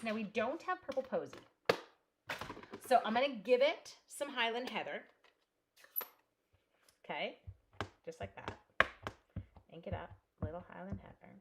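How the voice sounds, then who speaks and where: A woman's voice: medium pitch, heavy background noise. A chatty woman hosting a live crafting tutorial from a home craft room, thinking aloud and greeting viewers by name as she works. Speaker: crafting demonstrator.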